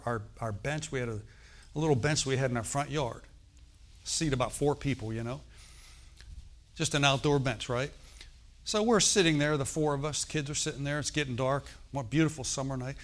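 A middle-aged man preaching a sermon in a conversational way, often checking in with "okay?" and "amen". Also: on the high side. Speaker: pastor.

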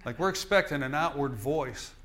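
A man's voice: medium pitch, animated, normal speed, a bit bright. A male minister preaching a sermon in an emphatic, repetitive style, often restarting his phrases.

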